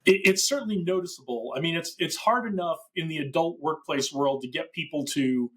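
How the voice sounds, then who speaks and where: Higher-voiced man hosting a podcast. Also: fairly quick. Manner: earnest, reflective, leads a game with upbeat emcee energy. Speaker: podcast host. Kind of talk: conversational interview.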